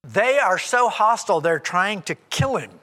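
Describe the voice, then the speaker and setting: A male pastor preaching a conversational sermon, animated and acting out the voices in the story. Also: sits high, normal speed, big-room sound. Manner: animated and conversational, acts out quoted speech.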